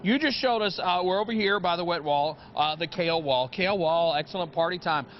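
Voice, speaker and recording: A man's voice: on the high side, fairly quick. A man hosting a live morning TV segment from inside a grocery store, joking, upbeat and a bit hammy. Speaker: morning TV show host. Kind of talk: playful live TV segment banter. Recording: muffled broadcast audio, faint noise.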